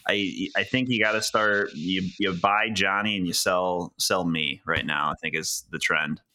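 Deep bright-toned man chatting sports. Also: fairly even intonation, unhurried. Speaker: podcast co-host tracking standings. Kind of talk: casual sports chat.

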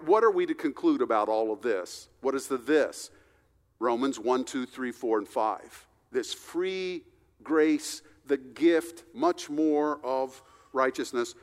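A pastor, a man, gives a sermon in a slow and deliberate way, pressing hard on the words he wants to land. His voice sits a little high, and his delivery is unhurried. The sound carries a long reverb, as if he were recorded in a large church hall. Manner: slow, deliberate preaching with emphatic stresses.

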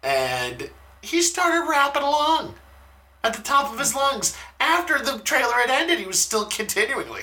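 A man in his thirties casually telling funny stories in a podcast chat, swearing freely and shouting out the lines of the people he quotes. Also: sits high, very animated, fairly quick. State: talking quietly at times because his wife sleeps.

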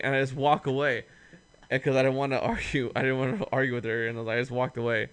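A man's voice: medium pitch, little pitch movement, fast, a bit bright, a little hiss or hum. Rambling, foul-mouthed man in his late twenties. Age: late 20s. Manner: rambling, profane anecdote with acted-out quotes. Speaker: storyteller among friends. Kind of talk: casual chat.

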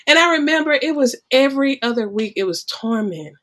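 Animated woman telling her story. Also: high-pitched, a little fast. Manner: animated storyteller, acts out quotes loudly. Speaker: guest. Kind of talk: personal testimony in a podcast conversation.

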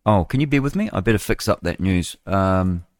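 A man's voice: sits low, animated, normal speed, no room sound, clean studio sound. An older man hosting live radio, reading the news with chatty, rambling asides. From New Zealand. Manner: chatty, digressive, chuckling asides. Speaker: radio host.

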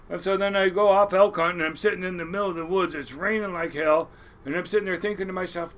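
A man's voice: sits high, steady tone, quick pace, a bit bright. A middle-aged man, a longtime crab fishing captain, telling stories in a rambling, profane way and laughing often. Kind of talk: casual storytelling interview.

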